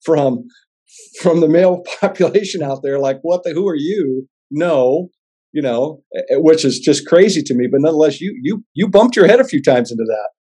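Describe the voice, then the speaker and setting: A man's voice: a little high, lively intonation, normal speed, mellow, husky. A middle-aged man hosting an interview, talking bluntly and casually and swearing now and then. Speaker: podcast host.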